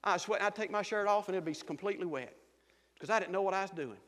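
Man, Georgia accent, preacher, folksy joking sermon, very high voice, long church hall reverb. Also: fast, a bit bright. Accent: Southern US, Georgia. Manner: folksy, laughing storyteller. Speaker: preacher, missionary pastor. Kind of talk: humorous sermon. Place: church sanctuary.

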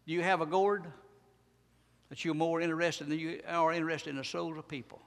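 A man's voice: a little high, steady tone, brisk. Emphatic preacher man in a reverberant church. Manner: emphatic, repetitive preaching with rising and falling intensity. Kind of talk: sermon.

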